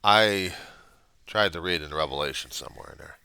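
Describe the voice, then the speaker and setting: In a personal video diary monologue addressed to a reverend, a man with a deep, forceful, clear and resonant voice muses at normal speed, with no echo. He rambles and puts himself down, swinging from quiet musing to loud outbursts.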